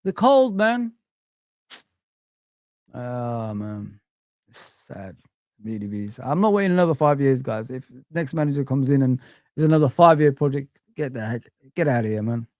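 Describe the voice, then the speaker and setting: A man's voice: on the high side, animated, a little fast, darkish tone, no room sound, studio quality. A young man hosting a fan livestream, ranting in an exasperated, repetitive way and swearing often. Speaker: fan channel livestream host. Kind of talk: casual livestream rant.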